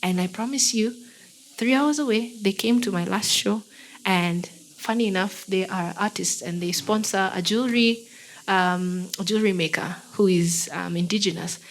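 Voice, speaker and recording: A woman's voice: medium pitch, normal speed, rough recording. A young Kenyan woman with a Kenyan accent, a guest singer chatting casually in an interview and acting out the people she quotes. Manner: lively storyteller who acts out the people she quotes.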